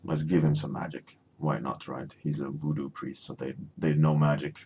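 A man's voice: a bass voice, little pitch movement, moderate pace, dark tone, dull audio, slight background noise. A man chatting casually while he paints on a live stream, rambling with many fillers and reading viewer chat. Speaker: artist streaming a painting warmup.

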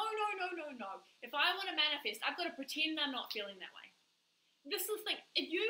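Woman life coach, live-stream talk, emphatic and repetitive, very lively delivery, sharp bright tone. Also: high voice, roomy sound, low-quality recording. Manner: emphatic, repeats words for stress. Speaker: manifestation coach.

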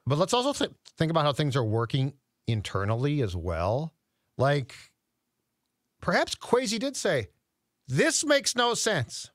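A man co-hosting a sports podcast, animated and quick to jump into the conversation. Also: on the high side, no echo, studio quality. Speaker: podcast co-host. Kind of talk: casual sports chat.

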